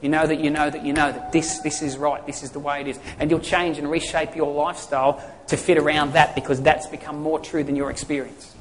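A pastor with a slightly high voice preaches briskly and evenly, barely pausing at all. His style is conversational, full of questions to the congregation that he answers himself, recorded with long hall reverb and a bit of background noise.

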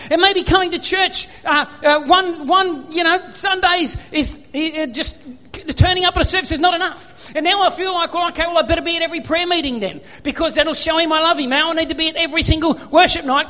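Australian male preacher, high voice, storytelling sermon, long hall reverb. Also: sharp tone. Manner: storytelling, acts out remembered dialogue.

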